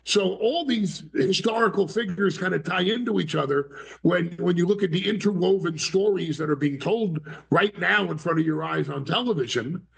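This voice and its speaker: A man's voice: high voice, moderate pace, creaky, hardly any pauses. A man talking as a talk show guest, theatrical and bombastic, acting out voices in his stories. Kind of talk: animated talk show interview.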